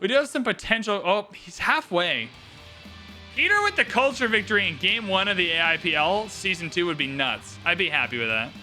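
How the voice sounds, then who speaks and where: This livestreamer speaks a little fast in a high, very bright male voice, commenting on a strategy game in a relaxed, joking way. He tosses out easy, playful asides, with faint game music running underneath.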